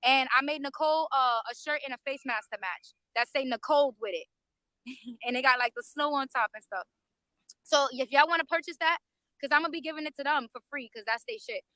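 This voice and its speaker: A woman on a casual live stream, talking straight to her viewers in an animated, profane way, recorded on a phone near a courthouse overflow room. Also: high voice, brisk, dry recording, poor audio. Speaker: YouTube livestreamer.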